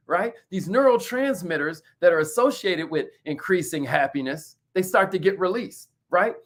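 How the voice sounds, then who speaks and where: A man hosting a motivational talk, lively and emphatic, calling out to his audience like a preacher and repeating his key points. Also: sits high. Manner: preacher-like call-and-response with the audience. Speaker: motivational host.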